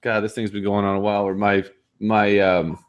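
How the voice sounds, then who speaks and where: Low-voiced man rambling casually. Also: level tone, moderate pace, clear, resonant tone, no echo, lo-fi sound. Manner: rambling storyteller with many restarts. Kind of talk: casual chat.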